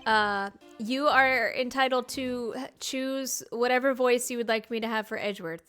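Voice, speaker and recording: A woman's voice: on the high side, steady tone, moderate pace, fairly bright tone, smooth, soft background music. A woman streaming a game, chatting casually, giggly and thanking viewers. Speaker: streamer and host. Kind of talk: casual chat while playing.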